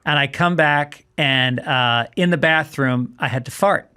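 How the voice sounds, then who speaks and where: A middle-aged man, a comedian guest, telling an animated story and acting out both sides of the dialogue. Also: fairly high pitch, unhurried, clean tone. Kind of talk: casual chat.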